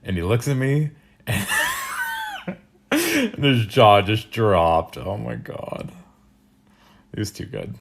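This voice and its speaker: A man's voice: fairly low pitch, sing-song, takes it slowly, gravelly, long pauses, breathy edge. A man telling a rambling story that builds to a punchline. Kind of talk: storytime monologue.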